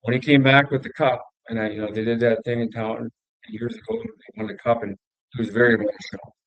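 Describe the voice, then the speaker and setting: A man's voice: mid-range voice, expressive, brisk, creaky, fairly bright tone, dry recording, highs cut off. A middle-aged man hosting a casual interview, talking in a meandering, conversational way. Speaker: interview host.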